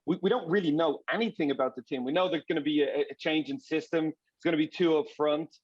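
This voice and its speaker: Animated male soccer broadcaster, muffled audio. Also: on the high side, fast, slightly rough, no echo. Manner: animated, repeats words as he restarts. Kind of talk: casual panel discussion.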